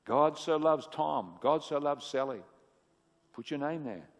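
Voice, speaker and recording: Man, preacher, sermon, fairly high voice, loud then hushed, asks questions, long hall reverb. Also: animated, unhurried. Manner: swings between booming emphasis and hushed low asides, asking the audience questions.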